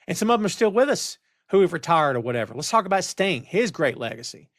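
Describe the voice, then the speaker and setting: A man's voice: high voice, fast, no echo, studio quality. A middle-aged man hosting a live wrestling talk show, ranting with energy and reading out chat comments. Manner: animated, ranting, reads chat comments aloud. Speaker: podcast host. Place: home studio on camera. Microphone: headphones and studio mic.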